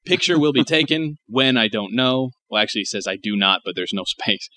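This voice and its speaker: A young man with a bright, sharp voice, co-hosting a podcast in crude casual chat. He rants with heavy profanity and pushes his points hard. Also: mid-range voice, brisk, a little hiss or hum. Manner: profane, emphatic ranting. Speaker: podcast co-host.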